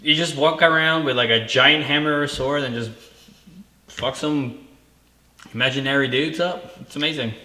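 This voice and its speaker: A man's voice: on the high side, fairly even intonation, normal speed, sharp tone. A male co-host in casual chat who swears freely and laughs easily. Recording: echoey room.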